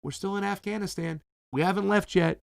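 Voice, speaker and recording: A man's voice: high-pitched, fairly even intonation, fairly quick, gravelly, smooth, no echo, studio quality. A man hosting a casual political commentary show, talking informally and animatedly to his viewers.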